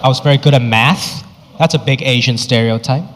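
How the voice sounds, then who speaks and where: A man's voice: medium pitch, a little fast. A male stand-up comedian telling punchy anecdotes and acting out the people in them. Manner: punchy anecdotal delivery, acts out characters. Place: comedy stage. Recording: reverberant venue with background noise.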